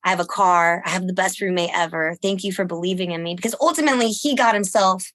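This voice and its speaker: Podcast guest, female, lively chatty delivery, dry close mic. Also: fast, no room sound. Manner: animated, laughs often, acts out quotes in a higher voice. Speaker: guest, musician and volunteer. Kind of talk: casual storytelling.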